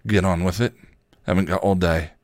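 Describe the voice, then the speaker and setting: A man voicing a starving, dying male vampire who talks in a weak, strained croak with a put-on accent. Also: sits low, steady tone, moderate pace, no room sound, clean studio sound, natural voice. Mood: defiant.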